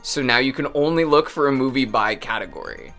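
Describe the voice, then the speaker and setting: A man co-hosting a let's play, rambling in an animated way and laughing often. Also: mid-range voice, fairly quick. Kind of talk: casual gaming chat. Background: faint game music.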